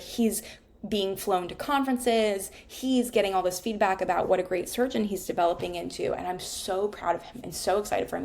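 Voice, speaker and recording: A woman's voice: on the low side, creaky, a little mellow. A woman, frankly telling a personal story in a casual, conversational way and swearing now and then.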